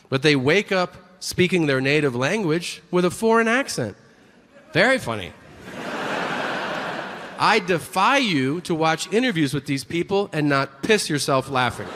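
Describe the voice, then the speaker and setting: Loud crude stand-up guy, high lively voice, noisy club. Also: measured pace, pauses often, long reverb tail. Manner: brash, animated, crude punchlines. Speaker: stand-up comedian. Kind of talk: stand-up comedy set. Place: comedy stage before an audience. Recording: live stage mic with room noise.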